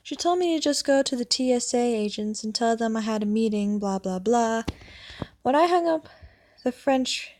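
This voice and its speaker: Young woman, slightly high voice, story reader who stumbles and self-corrects. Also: moderate pace, hardly any pauses, darkish tone. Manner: stumbles and corrects herself while reading. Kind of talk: reading online stories aloud.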